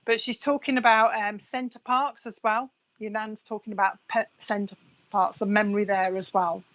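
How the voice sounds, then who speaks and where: A woman's voice: mid-range voice, steady tone, normal speed, a bit bright, lo-fi sound. A woman who works as a psychic medium, giving a live reading. She chats away, passes on messages to viewers by name and laughs often.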